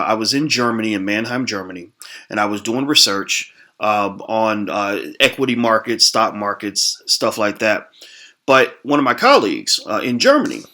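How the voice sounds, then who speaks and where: A man's voice: fairly low pitch, bright, forceful tone. An American man hosting his channel, chatting casually to camera, rambling with lots of "uh" and "um" and restarts. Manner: rambling with many fillers and restarts. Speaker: host.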